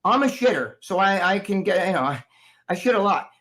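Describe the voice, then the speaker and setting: A man's voice: high voice, big pitch swings, fairly quick, a bit bright. A man with a New Jersey accent, co-hosting a live stream and telling rambling, profane stories in casual chat. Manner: profane, rambling storyteller who acts out other people's voices. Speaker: co-host of a live stream talk show.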